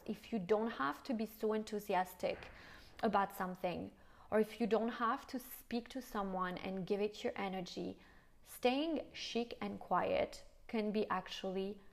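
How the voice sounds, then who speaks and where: A woman's voice: mid-range voice, gravelly. A middle-aged French woman with a French accent, hosting a casual solo podcast, frank and swearing casually, slipping in French phrases. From France. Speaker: podcast host.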